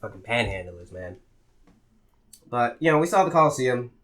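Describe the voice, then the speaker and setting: A man's voice: mid-range voice, moderate pace, a crowd in the background. A young American man co-hosting a podcast, telling a travel story in casual chat, swearing freely and acting out what people said. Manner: animated storyteller, heavy swearing, acts out quotes. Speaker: podcast co-host.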